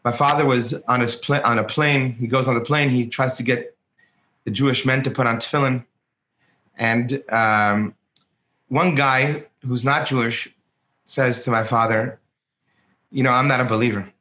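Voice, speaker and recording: A rabbi telling stories with a bright, forceful voice that jumps up when he acts out the people in them. He stumbles and restarts often. The sound is roomy and dull, like a video call. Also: medium pitch, normal speed, long pauses. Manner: animated, acts out quoted voices, many restarts. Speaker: rabbi, co-host. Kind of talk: storytelling in casual conversation. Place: home, speaking remotely.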